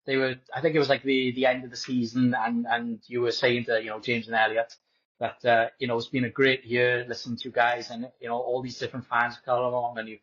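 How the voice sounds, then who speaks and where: A man's voice: mid-range voice, level tone, fairly quick, a bit bright. Easygoing man, lo-fi sound. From Wales. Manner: easygoing, hesitant, many fillers. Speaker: podcast co-host. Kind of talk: casual sports podcast chat. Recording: dull lo-fi audio.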